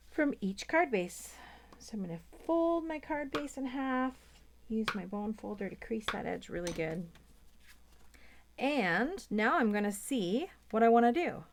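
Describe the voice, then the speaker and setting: Gravelly-voiced woman chatting through a craft demo. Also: mid-range voice. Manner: chatty, thinks aloud while working, drops to a near whisper. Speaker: papercraft demonstrator. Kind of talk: chatty hands-on craft tutorial.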